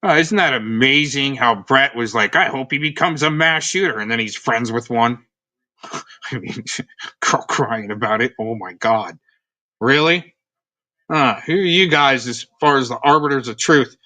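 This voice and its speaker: A man's voice: medium pitch, a little slow, bright, forceful tone. A man hosting a livestream, ranting in a sarcastic, rambling, scornful way as he comments on a recording. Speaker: livestream host.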